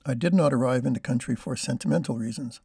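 A Canadian man hosting and telling of a long walk, measured and storytelling. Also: medium pitch, vocal fry, a little mellow, husky, no echo, studio quality. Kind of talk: reflective narration and chat.

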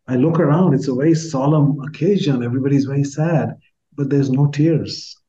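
A reflective man in his sixties from India speaks earnestly, his voice dark and mellow. His sentences trail off into softness. The audio sounds slightly muffled and lo-fi. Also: mid-range voice, brisk. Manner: earnest, heartfelt, trails off softly at phrase ends. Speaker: guest author. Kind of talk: reflective personal storytelling.

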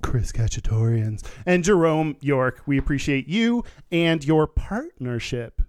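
Lively, playful gay podcast co-host. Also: male voice, fairly high pitch, measured pace. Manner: playful, laughs often. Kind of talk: casual chat.

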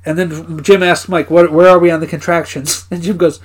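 A man's voice: a little high, flat delivery, fairly quick. A man co-hosting a podcast who casually recaps episodes, laughing often and swearing now and then. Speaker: podcast co-host.

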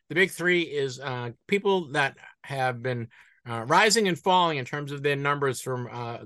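A man with a Boston accent co-hosting a casual podcast, animated, with frequent restarts. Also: fairly high pitch, no room sound. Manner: animated, stumbling restarts, laughs easily. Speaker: podcast co-host. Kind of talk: casual chat.

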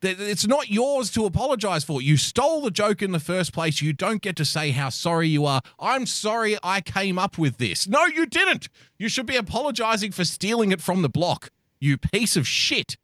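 A man's voice: high-pitched, very animated, moderate pace, fairly bright tone, dry recording, clean studio sound. An Australian man co-hosting a casual podcast, ranting, swearing and laughing often. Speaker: podcast co-host.

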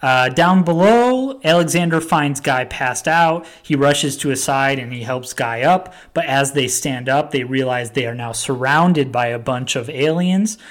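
A man's voice: mid-range voice, unhurried, hardly any pauses. A man casually telling a long story, with lots of fillers and acted-out quotes. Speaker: storyteller pitching a plot. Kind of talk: casual chat.

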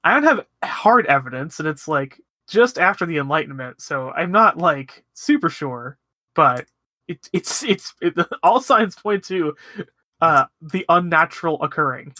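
A man's voice: on the high side, very animated, a little slow, bright, forceful tone, dry recording, clean studio sound. A man playing a tabletop game, asking questions and theorizing aloud about the case. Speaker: player. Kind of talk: casual tabletop game chat.

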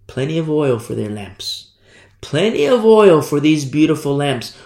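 Male preacher, fairly high voice, animated, bits of acted-out dialogue, echoey room. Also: measured pace, vocal fry. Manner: animated, acts out quoted voices, stumbles on words. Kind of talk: Bible teaching sermon.

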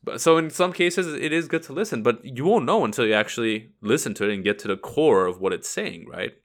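A man's voice: mid-range voice, lively intonation, fairly quick. A man co-hosting a podcast, talking casually and rambling with lots of fillers. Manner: conversational, rambling with many fillers. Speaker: podcast co-host.

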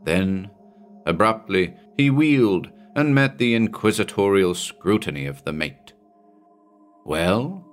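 A man reads a pulp horror tale in a measured, dramatic storytelling manner. His voice sits on the low side. Faint music plays quietly beneath the narration. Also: animated.

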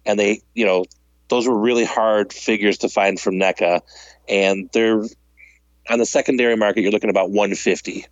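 A man's voice: on the low side, moderate pace, no echo, muffled recording. A man telling a long story in casual chat, laughing often and acting out the people he quotes. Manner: animated, laughs while telling stories, acts out quotes.

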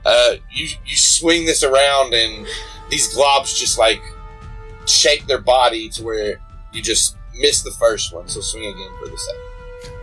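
A man narrating as game master, relaxed and chuckling, with plenty of fillers. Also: medium pitch, measured pace, faint music behind, rough recording.

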